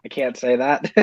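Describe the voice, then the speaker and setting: A man with a high, very lively voice talks casually on a stream, rambling with lots of fillers and poking fun at himself. The sound is dull and lo-fi, with no room echo at all. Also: slightly rough. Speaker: stream guest. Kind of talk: casual chat.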